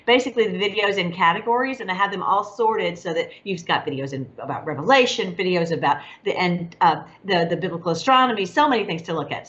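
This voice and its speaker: Excited woman hosting a lo-fi online show. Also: mid-range voice. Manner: excited, rambling, laughs between phrases. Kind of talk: casual religious commentary. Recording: dull lo-fi sound.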